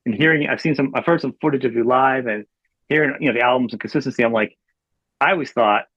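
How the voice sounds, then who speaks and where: Fast-talking male podcast host, dry dull sound. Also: medium pitch, fairly bright tone, breathy edge, dry recording. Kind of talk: casual interview chat.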